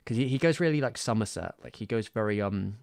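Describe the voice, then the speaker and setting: This streamer's voice sits on the low side, gravelly and fast, with lively intonation and no echo. He's a young West Country man from Southwest England, chatting casually and running himself down as he rambles into a close mic.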